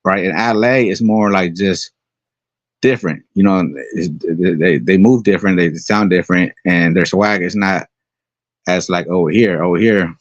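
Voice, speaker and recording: A man's voice: deep voice, moderate pace, no echo. A man from the Bay Area with Bay Area slang, talking in a laid-back, slangy casual chat. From Bay Area, California. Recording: dry, lo-fi audio.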